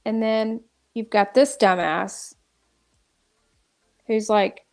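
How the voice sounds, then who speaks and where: A woman's voice: on the high side, steady tone, drawn-out words, a little mellow. A woman ranting through live commentary, exasperated and restarting often. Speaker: drama commentary streamer.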